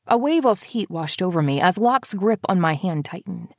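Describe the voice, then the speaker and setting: A woman narrating an audiobook in the first person, soft and intimate, on a close studio mic. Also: lowish voice, animated, normal speed, few pauses, no room sound.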